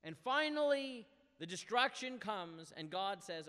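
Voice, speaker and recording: A man teaching a Bible class. He reads Hebrew verses and translates them, and his delivery swings between hushed and loud. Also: very high-pitched, lively intonation, a little slow, big-room sound. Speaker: Torah teacher.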